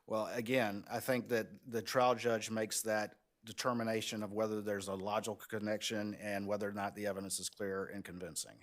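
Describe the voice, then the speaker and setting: A man, a prosecutor making an oral argument before an appeals court, earnest, with frequent restarts that build into a steady push. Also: lowish voice, brisk, few pauses.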